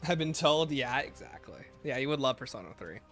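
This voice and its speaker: A young man running a livestream, tossing off jokes and rambling banter at his chat. His voice is bright and higher than most men's, bouncing all over in pitch, with faint game music behind it. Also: expressive, fast. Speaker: gaming livestreamer. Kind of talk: casual livestream commentary.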